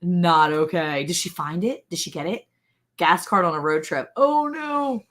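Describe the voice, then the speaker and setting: A woman co-hosts a casual live stream, telling chatty stories and laughing a lot. Her voice is on the low side, unhurried, and fairly bright in tone.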